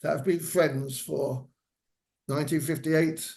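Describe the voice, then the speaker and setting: A man's voice: a little high, steady tone, measured pace, gravelly, darkish tone. Older man telling stories in a lecture. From England. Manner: rambling anecdotal delivery with fillers. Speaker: guest speaker, former hairdresser. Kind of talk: lecture storytelling. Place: senior center lecture hall.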